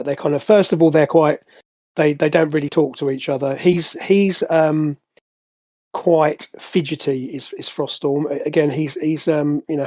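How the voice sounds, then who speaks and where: Male game master, a bit high-pitched, halting delivery, dry sound. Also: darkish tone, no room sound. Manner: halting, full of fillers and restarts. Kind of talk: narrating a tabletop game.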